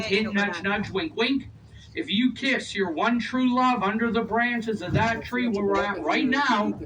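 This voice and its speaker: A man working as a tour guide on an open-air tour train, giving joking commentary and teasing passengers between facts. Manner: playful, teasing passengers, quick asides. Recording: distant voice over vehicle noise. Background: vehicle rumble and street ambience.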